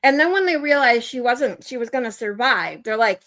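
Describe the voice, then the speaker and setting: A woman's voice: on the high side, expressive, moderate pace, hardly any pauses, a bit bright. A woman hosting a casual livestream, ranting in exasperation while she reads and answers viewer comments. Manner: ranting, exasperated, reacting to chat. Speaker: livestream host.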